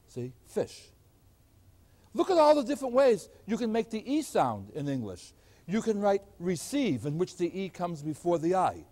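An older man, a math professor, giving an animated lecture in a storytelling teaching manner. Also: high voice, normal speed. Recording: older recording.

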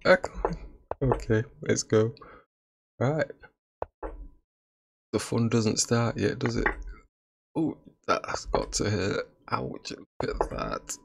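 A man's voice: medium pitch, takes it slowly, creaky, long pauses, slight background noise. A man giving casual commentary on his own chess game, laughing at his own blunders. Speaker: chess streamer.

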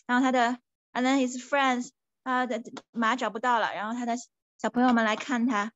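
A woman teacher telling a children's story in an animated, sing-song way, switching between English and Mandarin. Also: a little high, a little fast, no room sound.

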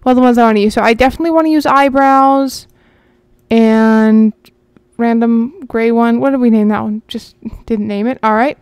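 A woman talks her viewers through a game in a loose, rambling way, often thinking out loud. Her voice sits a little high and sounds smooth and clear. The sound is close and dry, with no room echo. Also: fairly even intonation, normal speed. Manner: chatty, rambling, talks to viewers as she plays. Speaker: gaming channel host. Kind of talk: casual gameplay commentary.

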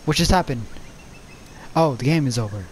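A man giving jokey, excitable commentary while playing an online game, yelping and shouting at other players. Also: medium pitch, moderate pace, a little hiss or hum. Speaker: gamer. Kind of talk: gameplay commentary.

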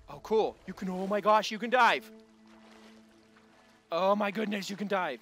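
A man giving goofy, rambling commentary while playing a video game, talking to the creatures on screen and yelling now and then. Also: fairly high pitch, lively intonation, moderate pace, faint music behind. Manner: goofy, talks to game creatures, sudden yells. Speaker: gameplay video host. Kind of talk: let's play commentary.

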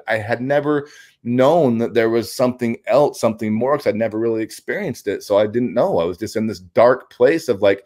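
A man telling a raw personal story as an interview guest, halting, with frequent restarts, repeated words and blunt swearing. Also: medium pitch, a little mellow. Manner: blunt and profane; raw, intense retelling.

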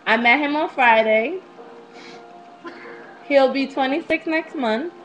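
A young woman telling a story casually to her webcam at home, brash, profane and animated as she gossips. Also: sits high, slow, soft background music, rough recording. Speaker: vlogger.

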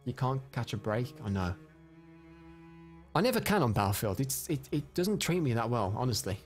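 A man giving live commentary over his own gameplay, excitable and prone to loud frustrated outbursts, chatting with his viewers between rounds. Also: medium pitch, moderate pace, soft background music. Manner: chats to viewers and reads out their comments. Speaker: live streamer.

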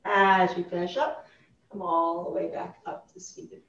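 A woman teaching a gentle chair yoga class, cueing breaths in a calm, instructive way. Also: on the low side, measured pace, vocal fry. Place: yoga studio room, recorded live. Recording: roomy, distant, dull live class recording.

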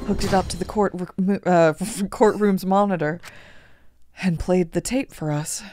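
A woman's voice: lowish voice, a little slow, dark tone, no echo, clean studio sound. A woman co-hosting a let's play, teasing her co-host playfully and laughing often. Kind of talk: casual gaming commentary.

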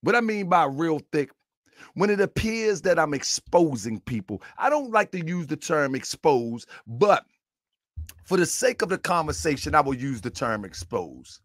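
A middle-aged man hosting a fiery commentary monologue, who yells often, gets excited and laughs between phrases. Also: on the high side, normal speed, no echo, clean studio sound. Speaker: online commentary host.

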